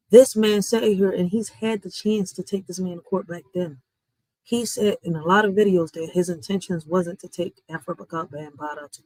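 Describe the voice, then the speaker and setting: A woman's voice: on the low side, no room sound, low-quality recording. Blunt ranting woman. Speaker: vlogger. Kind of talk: heated social media commentary.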